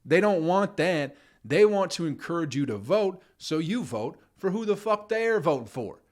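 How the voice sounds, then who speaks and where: A man's voice: a little high, very animated, moderate pace. A man hosting his own podcast, ranting with heavy swearing and mocking put-on voices of other people. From United States. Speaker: podcast host. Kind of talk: profane comedic rant.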